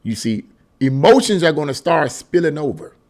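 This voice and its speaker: Man, angry political rant, high voice, swings widely in pitch, emphatic, repetitive. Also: very animated, moderate pace, a little mellow. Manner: mocking singsong asides. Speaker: commentary channel host.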